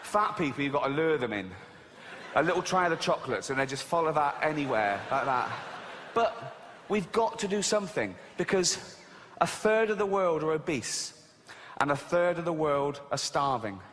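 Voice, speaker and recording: A man's voice: fairly high pitch, lively intonation, normal speed, fairly bright tone, in a large hall, a little hiss or hum. A man in his forties with an English accent doing a stand-up comedy routine, ranting with mock indignation and giggling at his own jokes. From England.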